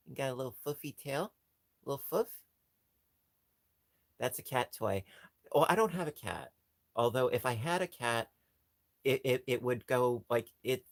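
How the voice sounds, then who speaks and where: A man hosting a casual livestream chat, gushing and jumping into a squeaky high pitch over cute things, rambling with frequent restarts. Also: creaky, no echo. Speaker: livestream host.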